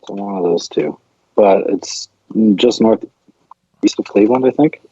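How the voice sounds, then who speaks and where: A man's voice: fairly low pitch, measured pace, dark tone, slight background noise. A man from Michigan co-hosting a podcast in casual chat, goofy, laid-back and scatterbrained. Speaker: podcast co-host. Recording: dull lo-fi sound.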